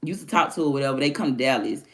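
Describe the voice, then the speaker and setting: A woman's voice: extremely low pitch, rapid-fire. A woman hosting her own stream, chatting candidly and animatedly in casual slang. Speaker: livestream host. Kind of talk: casual chat.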